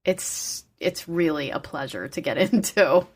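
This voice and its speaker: A woman in casual chat, talking in a relaxed, easygoing way. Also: low-pitched, a little slow.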